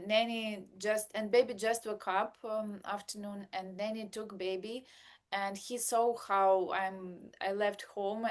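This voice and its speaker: A woman, a mother of a baby, talking in a casual podcast chat, hesitating and searching for simple words as she speaks. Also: medium pitch.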